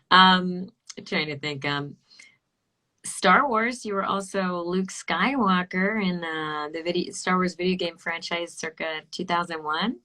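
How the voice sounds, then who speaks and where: A woman's voice: fairly low pitch, measured pace, bright, forceful tone. A woman hosting a casual interview podcast, asking playful questions and laughing often. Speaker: podcast host.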